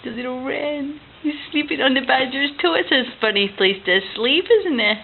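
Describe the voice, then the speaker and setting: A woman at home walks a toddler through a picture-book story in a gentle, coaxing voice, sitting a touch high and slipping into hushed asides. The sound is narrow and phone-like, with a faint hiss behind it. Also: moderate pace, gravelly. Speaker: parent reading to a toddler. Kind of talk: bedtime story retelling.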